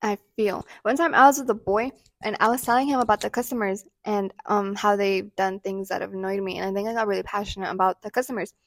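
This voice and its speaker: A young adult woman co-hosting a podcast in casual chat, animated and quick to act out what other people say. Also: mid-range voice, no echo, studio quality. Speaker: podcast co-host.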